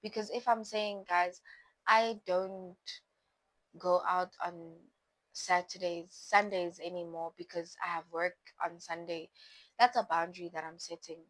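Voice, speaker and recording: A woman's voice: fairly low pitch, steady tone, a little slow, dry recording, low-quality recording. A young woman talks casually to her viewers, chatty and playful, often talking straight to them. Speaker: vlogger. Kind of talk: casual talk to camera about boundaries.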